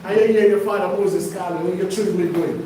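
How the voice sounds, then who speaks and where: A man's voice: sits high, fairly even intonation, fairly quick, mellow, slight background noise. A man preaching to his congregation, emphatic and conversational, often putting questions to the listeners. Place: congregation hall. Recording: echoey room, mic far off.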